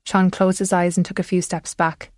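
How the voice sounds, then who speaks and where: A woman's voice: lowish voice, flat delivery, darkish tone, dry recording, clean studio sound. Woman reading a thriller audiobook. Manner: measured storytelling. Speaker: audiobook narrator. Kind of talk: scripted audiobook narration.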